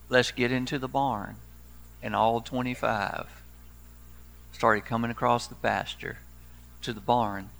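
A man's voice: medium pitch, creaky, a bit bright. A man in his sixties, a pastor preaching a sermon in a folksy storytelling way with dry humor.

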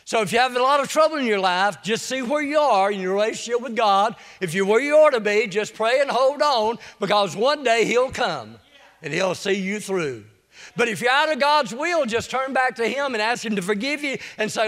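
A man's voice: high voice, lively intonation, moderate pace, a bit bright, in a large hall. A man preaching a sermon, telling folksy stories and rising to emphatic declarations in a church.

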